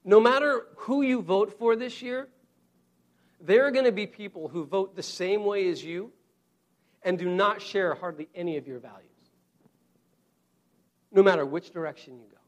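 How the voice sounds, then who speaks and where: A male preacher with a notably high voice delivers a sermon. He talks earnestly and directly to his listeners, as if in conversation. He stresses his main points by repeating them slowly. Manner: earnest, repeats key phrases slowly for emphasis; conversational, addresses the congregation directly.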